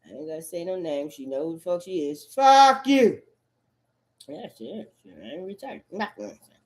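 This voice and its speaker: A woman in a rambling, profane rant, repeating curses and jumping between loud outbursts and low mutters. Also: lively intonation, brisk. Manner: erratic, repetitive, swearing constantly, swinging between shouts and mutters. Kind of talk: profane stream-of-consciousness rant.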